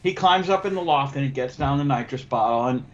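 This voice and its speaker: A man with a mid-pitched voice tells an animated story with plenty of swearing. He speaks in relaxed podcast banter. There is a faint hum of noise behind him. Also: a little fast, dull audio. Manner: crude, animated anecdote-telling. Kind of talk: casual chat.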